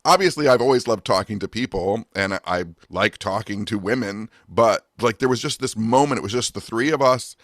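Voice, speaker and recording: A man's voice: fairly low pitch, a little fast, hardly any pauses, fairly bright tone, no room sound, studio quality. A man co-hosting a podcast, chatting casually and laughing often, with frequent restarts. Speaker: podcast co-host. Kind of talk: casual chat.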